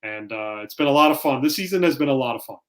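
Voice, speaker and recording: A man, co-hosting a casual sports podcast and telling family stories with lively acted-out quotes. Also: medium pitch, fast talker. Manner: animated storytelling, acts out quoted lines. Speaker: podcast co-host. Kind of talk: casual chat.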